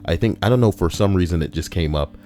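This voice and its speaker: Young male livestream host with a low voice, loose and profane, riffs on chat messages. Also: quick pace, dark tone, a little hiss or hum. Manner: profane, rambling, laughs at his own stories. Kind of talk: casual reaction stream chat.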